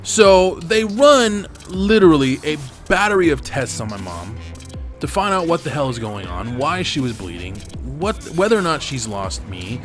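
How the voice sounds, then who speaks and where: A man's voice: on the high side, sing-song, moderate pace. A young man hosting a gaming channel, candidly retelling a family story over gameplay and swearing freely as he talks. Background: faint background music.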